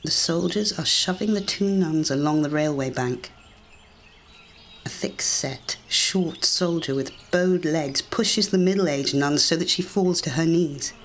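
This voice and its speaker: Audiobook narrator, scripted story reading, measured and deliberate, middle pitch. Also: fairly bright tone, a little hiss or hum.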